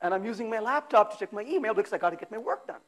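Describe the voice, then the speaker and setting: A man gives an animated technical conference talk. His voice sits high and swings widely in pitch. He throws out rhetorical questions and acts out exasperated asides. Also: very fast. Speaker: conference speaker. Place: conference hall.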